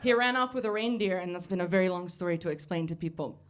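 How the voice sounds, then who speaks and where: A woman's voice: lowish voice, fast talker. A woman doing a stand-up comedy set, brash and sarcastic, swearing freely. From United States. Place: basement comedy club before a live audience.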